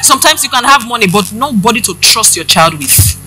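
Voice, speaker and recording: A woman's voice: a little high, expressive, a little fast, sharp tone, low-quality recording. A woman preaching, giving a personal testimony and addressing the congregation directly with questions.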